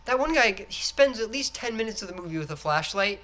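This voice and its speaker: Podcast co-host, man, bright voice, animated casual talk, acts out movie lines. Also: high voice, fast. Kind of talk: casual chat.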